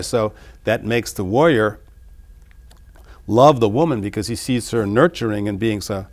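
A man discussing his own song lyrics in an interview, reading lines and then explaining them in a musing, halting way. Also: fairly low pitch. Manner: halting, many restarts. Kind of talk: reflective interview talk.

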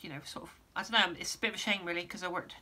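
Woman, casual vlogger, losing her voice, lowish pitch, rambly. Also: rapid-fire, bright, forceful tone. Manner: rambling, lots of ums and restarts. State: losing her voice, clearing throat. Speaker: musician giving an update. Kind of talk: casual vlog update.

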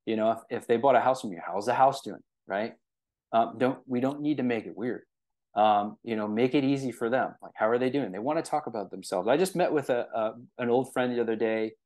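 A man with a medium-pitched, darkish voice talks fairly quickly while running a casual real estate training. Conversational in style, he keeps checking in with listeners and uses many fillers and rhetorical "right?".

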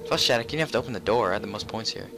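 A man's voice: fairly low pitch, lively intonation, racing, over music. A man hosting a casual gaming video, teasing his friend and joking about what happens on screen. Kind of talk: casual gameplay commentary.

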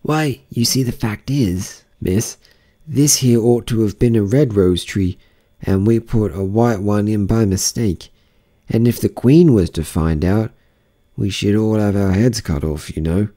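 A man reading an audiobook, voicing a nervous male card gardener who speaks low and hesitant with old-fashioned phrasing. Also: expressive, moderate pace, hardly any pauses, natural voice.

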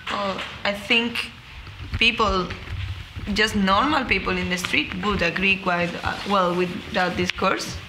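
A panelist, making a measured, explanatory argument in a debate. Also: mid-range voice, steady tone, noisy background.

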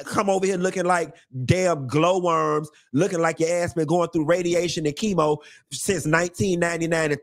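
A slightly high-pitched man with an African American Vernacular English accent hosts a live stream and rants without a filter. He sounds a little tipsy, sassy and profane, and he stretches his words and repeats his punchlines for emphasis. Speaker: host of a live commentary stream. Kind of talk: unfiltered casual rant.

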